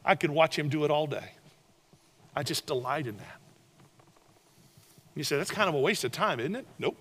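An older man preaching a sermon, telling animated stories and swinging between loud and hushed delivery. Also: fairly high pitch, normal speed, husky. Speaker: pastor.

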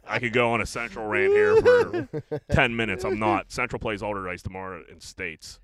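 A man's voice: fairly low pitch, big pitch swings, moderate pace, fairly bright tone. A man from Pittsburgh ranting sarcastically in casual podcast chat.

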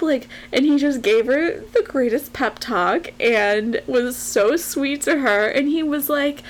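A woman's voice: high-pitched, moderate pace, hardly any pauses. A young woman co-hosting a podcast, telling a rambling story in a chatty way and laughing often. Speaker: podcast co-host. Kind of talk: casual chat and storytelling.

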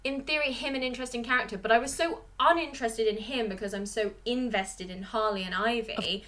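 A woman co-hosting a casual chat, animated and rambling as she reacts to a comic book. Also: fairly high pitch, brisk. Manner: animated, rambling, jumps into voices of characters.

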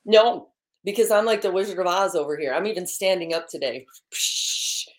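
A woman's voice: lowish voice, lively intonation, moderate pace. A woman co-hosting a morning live stream in a bubbly, chatty way, laughing often, talking into a laptop microphone. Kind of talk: casual live-stream chat.

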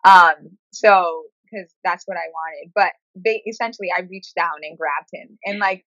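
Frank, bright-voiced woman telling her story. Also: on the low side, unhurried, no echo, dull audio. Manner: frank, animated storytelling with quoted asides. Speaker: guest sharing her experience. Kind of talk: candid conversational interview.

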